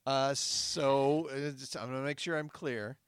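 A man's voice: mid-range voice, fairly even intonation, a little slow, clear, resonant tone, no room sound, studio quality. A man hosting an improvised comedy podcast, giggly and eager as he plays along. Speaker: podcast host.

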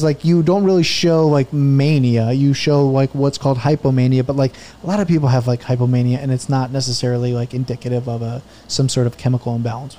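A man's voice: mid-range voice, dark tone. A man in his thirties, a podcast guest, telling a rambling, profane story in casual chat.

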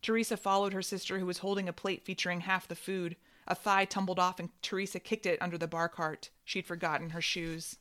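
A woman narrating literary fiction in a measured, wry reading voice. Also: fairly low pitch, flat delivery, fairly bright tone.

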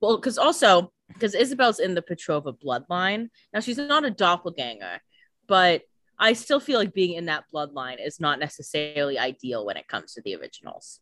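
A woman's voice: fairly low pitch, big pitch swings, normal speed, a bit bright, no echo. A woman co-hosting a podcast, recapping a TV episode in casual, chatty talk full of "like" and the odd swear. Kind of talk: casual chat.

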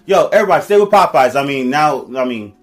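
A man, ranting loudly and profanely as a podcast co-host in casual chat. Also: on the high side, quick pace, faint music behind. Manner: loud profane ranting, animated.

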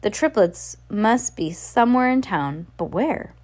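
A woman's voice: mid-range voice, lively intonation, measured pace, a little mellow. A woman reading the lines of a practical, inventive teenage girl who asks questions and makes plans. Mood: questioning.

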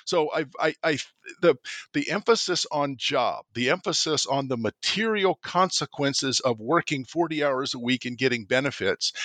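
An older man with a bright, forceful voice makes his case in a relaxed interview, thoughtful and emphatic, often repeating a word as he starts a sentence. The sound is dry and close, with no room around him. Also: medium pitch, dry recording. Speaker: author and professor, interview guest. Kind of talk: conversational interview.

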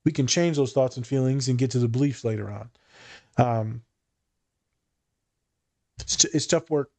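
A man's voice: medium pitch, moderate pace, a little mellow. A man who works as a therapist and hosts a podcast, talking in a blunt, profane, joking way. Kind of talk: casual podcast chat.

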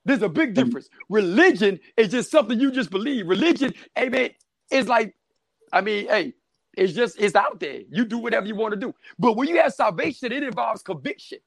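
High gravelly preacher man shouting amen. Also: expressive, fairly quick, no room sound, clean studio sound. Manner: shouting, rhythmic, frequent "amen". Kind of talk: call-and-response sermon.

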